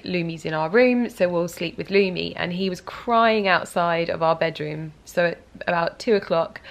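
A tired young woman talks straight to camera in a loose, rambling vlog, full of "like" and trailing thoughts. Her voice sits a little low with a gravelly fry, and she sounds on the edge of tears. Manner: rambling, emotional, many fillers. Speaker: vlogger. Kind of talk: casual vlog chat.

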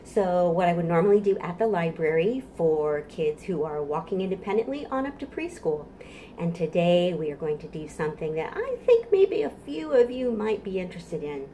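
Animated sing-song woman librarian, warm. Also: on the low side, moderate pace, a little hiss or hum. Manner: cheerful, sing-song, speaking to small children. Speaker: children's librarian. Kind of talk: storytime for toddlers. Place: home kitchen.

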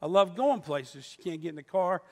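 A man's voice: sits high, lively intonation, moderate pace. A man in his fifties preaching a sermon as pastor, telling stories in a conversational, self-mocking way. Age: 50s. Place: church sanctuary. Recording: long church hall reverb.

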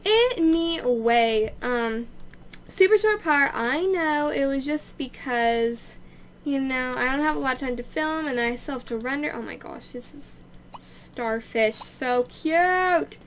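Young female let's-play host, high voice, bubbly and gushing, casual home commentary with faint hiss. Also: a little slow. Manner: bubbly, easily excited, gushing.

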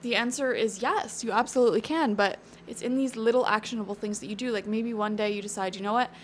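A woman's voice: a little high, quick pace, slight background noise. A woman giving a casual, encouraging tarot reading, chatty and thinking aloud with fillers. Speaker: tarot reader.

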